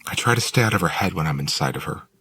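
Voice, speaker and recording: A man's voice: low voice, expressive, very fast, creaky, bright, forceful tone, breathy edge, no room sound, voice pushed up, full character voice. A man reading an audiobook and voicing a blunt, curious woman who possesses another's body, lifting his voice to play her. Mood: musing.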